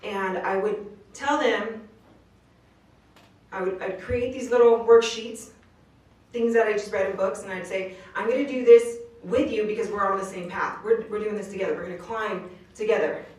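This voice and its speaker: A woman's voice: mid-range voice, fairly even intonation, moderate pace, darkish tone. Woman giving an inspirational speech, roomy. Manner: earnest storytelling, casual street slang. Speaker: motivational speaker. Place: live speaking venue. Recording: roomy distant live recording.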